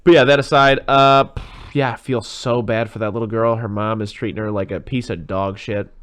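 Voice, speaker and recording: A man with a fairly low voice talks through a movie in casual podcast chat. He rambles, drops in plenty of fillers and swears freely. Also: steady tone, a little fast, fairly bright tone, clean tone. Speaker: podcast co-host.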